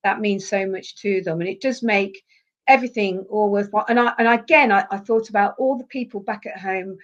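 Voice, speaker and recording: A woman's voice: mid-range voice, fairly quick. Heartfelt woman, slightly dull recording. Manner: heartfelt, repeats herself when moved. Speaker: podcast guest, athlete. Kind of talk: emotional interview conversation.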